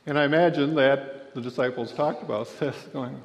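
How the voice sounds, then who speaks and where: A pastor preaching a sermon, telling the story and voicing the people in it with a raised voice. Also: male voice, medium pitch, steady tone, normal speed. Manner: storytelling, acts out quotes with raised voice. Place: church sanctuary. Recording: dull lo-fi church recording with long reverb.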